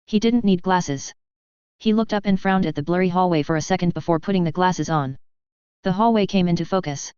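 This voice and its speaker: A woman narrating a story aloud in a wry, deadpan manner. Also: lowish voice, smooth, no room sound. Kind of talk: audiobook narration of fan fiction. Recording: dry, slightly dull recording.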